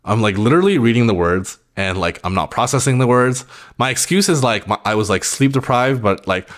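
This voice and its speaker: A man's voice: medium pitch, expressive, a little fast. A young man casually telling a personal story on his vlog, rambling and filling nearly every phrase with "like". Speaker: vlogger.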